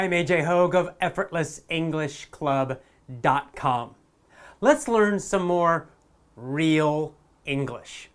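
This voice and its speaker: Slow, emphatic teacher. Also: male voice, on the high side, a bit bright. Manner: slow, emphatic, repeats example phrases. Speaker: English teacher. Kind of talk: spoken English lesson.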